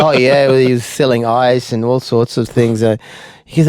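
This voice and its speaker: A man's voice: medium pitch, fairly even intonation, moderate pace, darkish tone, no room sound, studio quality. A man hosting a casual podcast, telling anecdotes and acting out other people's voices. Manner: storytelling, acts out quoted voices. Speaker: comedian podcast host. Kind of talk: casual chat.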